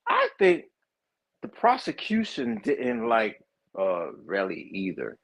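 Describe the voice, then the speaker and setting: A man, chatting casually as co-host in an animated, profane, mocking way. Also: fairly low pitch, takes it slowly, gravelly, husky, low-quality recording. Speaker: co-host reacting to trial footage. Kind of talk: casual chat.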